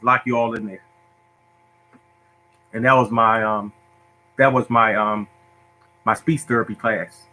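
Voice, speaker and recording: Speaking at a medium pitch with a bright, forceful tone, a middle-aged host casually tells viewers a funny story from his childhood. He laughs often and acts out the people involved, while poor audio picks up slight background noise.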